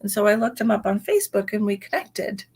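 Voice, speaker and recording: A woman's voice: mid-range voice, sing-song, a little fast, a little mellow, breathy edge. A woman in her forties, a psychic medium, telling a story in a chatty way on a livestream and often saying "you know". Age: 40s.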